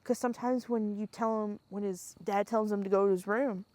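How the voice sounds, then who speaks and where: A young woman telling a story in casual podcast chat, animated and laughing often, swearing freely and acting out the scenes. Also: mid-range voice, a little fast, dry recording.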